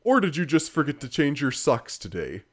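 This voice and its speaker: A man's voice: fairly high pitch, sing-song, normal speed. A man doing a smug sci-fi announcer. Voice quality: exaggerated announcer voice. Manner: smug, sarcastic. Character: snide male sci-fi announcer narrator, mocking.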